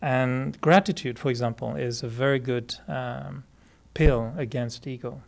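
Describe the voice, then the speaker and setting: French canadian guy teaching meditation, gravelly voice, chatty and laughing a lot. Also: medium pitch, steady tone, a little slow. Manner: chatty, laughs often, many restarts and fillers. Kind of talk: relaxed spoken talk to a group.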